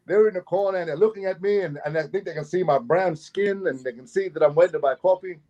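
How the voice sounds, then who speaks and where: A middle-aged Australian man spins a rambling road-trip yarn for an interview, his voice sitting a little higher than most men's. He restarts and repeats phrases as he goes and chuckles through the funny parts. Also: fast, lo-fi sound. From Doomadgee, Queensland, Australia. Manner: animated, repeats phrases, chuckles mid-story. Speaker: guest actor and festival promoter. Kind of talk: anecdotal storytelling in an interview.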